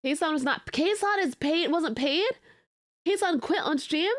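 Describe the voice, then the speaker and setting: A young woman streamer chats casually with her viewers, playful and prone to mock outrage. Her voice sits high, and the sound is dry and close, with no room echo. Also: expressive, normal speed. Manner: chatty and playful, with bursts of laughter and mock outrage; many fillers and restarts. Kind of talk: casual chat reacting to live chat.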